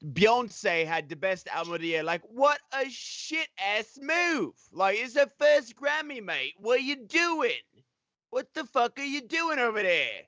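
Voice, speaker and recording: A man putting on a rowdy British-Australian bloke who swears and gossips, his pitch jumping up and down. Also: sing-song, measured pace, bright, forceful tone, no room sound, full character voice. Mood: mocking. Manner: swearing, slangy, swinging between high and low pitch. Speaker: panelist.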